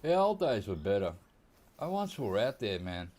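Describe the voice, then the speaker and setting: Very animated, a gaming YouTuber with an Australian accent rambles through stories during a hunting game, laughing and acting out dialogue. His pitch is fairly low, his tone darkish, and his pace moderate.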